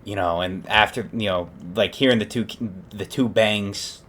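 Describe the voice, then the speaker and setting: A man's voice: on the low side, unhurried, fairly bright tone. A young man casually retelling a story, rambling and correcting himself with lots of fillers. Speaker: podcast host.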